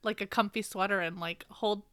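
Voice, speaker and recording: A woman co-hosting a podcast, telling a joking, casual anecdote with quick asides. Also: mid-range voice, fairly even intonation, a bit bright. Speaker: podcast co-host. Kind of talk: casual chat.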